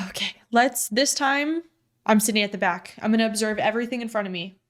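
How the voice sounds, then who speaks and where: A woman's voice: medium pitch, a little fast, a bit bright. A woman giving casual gameplay commentary, blunt and profane in her reactions. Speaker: gaming streamer.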